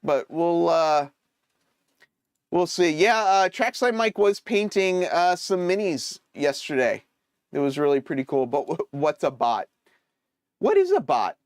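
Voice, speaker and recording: A man hosting a casual live stream, thinking aloud as he troubleshoots and answers viewers' chat with hesitant, halting phrasing. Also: fairly high pitch, clear, resonant tone, no room sound, clean studio sound. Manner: hesitant, many fillers and restarts.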